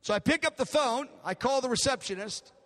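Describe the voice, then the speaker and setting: A man's voice: very high-pitched, expressive, fairly quick, fairly bright tone. An older man preaching a sermon, telling a story with emotion and acting out the dialogue in a large hall. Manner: emotional, dramatic retelling with acted-out dialogue. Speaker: pastor. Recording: long reverb of a large hall.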